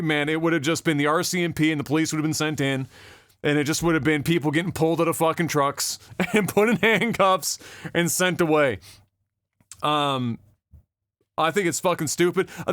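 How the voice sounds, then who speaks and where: A man's voice: high voice, a bit bright, no echo, clean studio sound. A man ranting with heavy swearing in a casual podcast chat. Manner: profane, ranting, exasperated. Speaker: podcast co-host.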